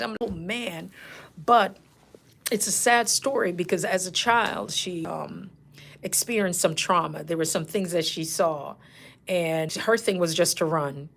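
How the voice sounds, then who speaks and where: A middle-aged woman host telling casual, animated stories from her nursing work, laughing and acting out patients' lines. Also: medium pitch, creaky. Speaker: nurse coach and channel host. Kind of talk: casual storytelling.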